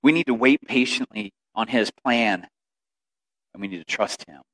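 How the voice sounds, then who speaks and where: A man preaching a sermon as pastor, telling stories and building to loud, emotional quoted lines. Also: fairly low pitch, normal speed.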